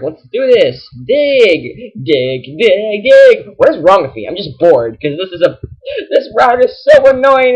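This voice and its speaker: A young man giving casual let's-play commentary, excitable and exasperated, yelling at enemies. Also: sits high. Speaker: gaming channel host.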